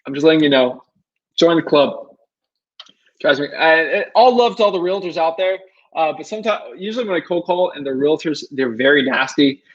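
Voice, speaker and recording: A young man with a fairly high voice talks through a casual tutorial, chatty and repetitive, full of fillers and lively asides. The audio is dull and lo-fi. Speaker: real estate wholesaling coach.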